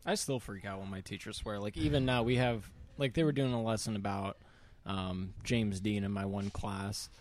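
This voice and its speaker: A young man in a casual chat, telling school stories and loudly mimicking his teachers. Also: lowish voice, moderate pace. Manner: relaxed storyteller, mimics teachers' lines loudly.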